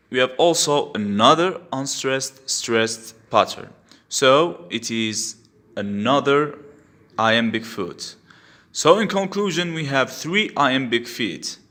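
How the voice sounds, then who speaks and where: Teaching poetry, this male English literature teacher speaks at a middle pitch and an unhurried pace, with a bright, forceful tone. He moves patiently step by step and repeats the key terms to help them stay in mind.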